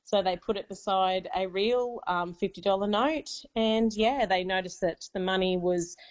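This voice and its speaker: A woman's voice: mid-range voice, moderate pace, highs cut off. A woman in her forties with an Australian accent, telling a personal story as a caller on a radio show, chatty with many fillers.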